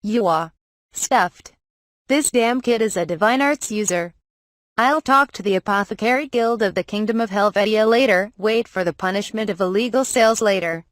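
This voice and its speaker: A rude, blustering shopkeeper man speaks from a storybook, read by a woman. The voice is plain and even, with a mid pitch. The recording is close and dry. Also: normal speed, no echo, close to an everyday voice.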